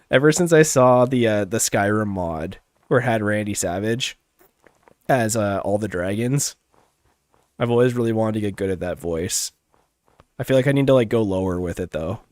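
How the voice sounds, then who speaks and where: Man, gaming streamer, casual chill chat, laid-back, lively pitch, dry close sound. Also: unhurried, pauses often, no room sound. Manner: laid-back, self-described monotone, chuckles often.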